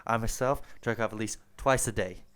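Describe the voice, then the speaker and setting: Man doing a low, cocky broker mentor. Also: a bit bright, clean tone, close to an everyday voice. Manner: slow, low, self-assured. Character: smooth-talking male stockbroker mentor, cocky.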